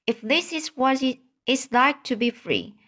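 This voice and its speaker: A woman's voice: high-pitched, lively intonation, unhurried, fairly bright tone, voice pushed up, heavily acted. A woman reading a storybook, voicing a very young pig who is scared and fretful. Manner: plaintive, fretful.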